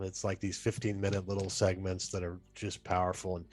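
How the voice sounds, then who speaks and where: Male talk show host, lowish voice, affirming tone, faint music behind. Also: completely flat delivery, brisk, few pauses, a little mellow.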